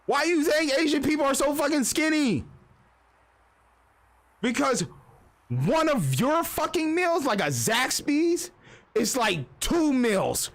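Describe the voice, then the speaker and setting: A man's voice: extremely high pitch, fairly bright tone. Blunt, profane young man ranting. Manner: profane, blunt, fast-talking. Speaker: streamer. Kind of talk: casual livestream rant.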